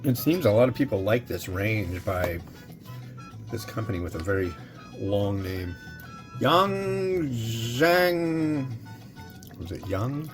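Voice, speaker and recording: Man, noodle reviewer, casual rambling chat, unhurried, lively pitch. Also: faint music behind. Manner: rambling, chatty, talks straight to viewers. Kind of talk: casual chat while cooking and tasting.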